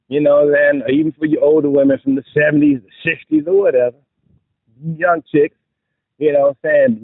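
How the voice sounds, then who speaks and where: A man giving relationship advice in a casual, animated monologue, with joking asides. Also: on the high side, creaky, no echo. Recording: dry, tinny phone-like sound.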